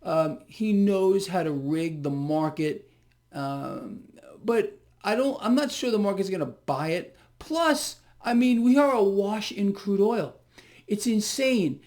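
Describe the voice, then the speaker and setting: A man's voice: high voice, lively intonation, takes it slowly, a little mellow. A man giving unscripted market commentary, blunt and emphatic, who repeats key phrases for stress and throws rhetorical questions at the viewer.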